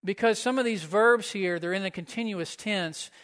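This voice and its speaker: A man's voice: high voice, moderate pace, a bit bright. A man pastor preaching a sermon in a church, conversational and often asking the listeners questions. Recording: echoey hall.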